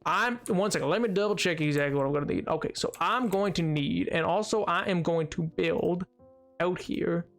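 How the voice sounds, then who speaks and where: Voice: mid-range voice, moderate pace, soft background music. A livestreamer chatting casually while gaming, rambling with lots of restarts and filler words.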